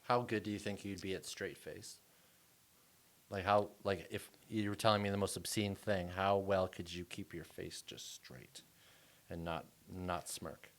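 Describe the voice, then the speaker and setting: Low-voiced laughing podcast host. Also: male voice, fairly even intonation, a little slow, a bit bright. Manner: laughing, enthusiastic, swearing freely. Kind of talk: casual podcast conversation.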